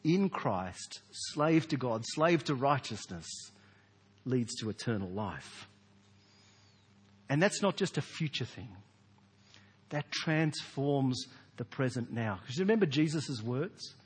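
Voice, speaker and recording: A man, preaching a sermon in a large church in a lively, conversational way with rhetorical questions. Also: mid-range voice, slow, long pauses, slightly rough. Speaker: pastor. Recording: long hall reverb.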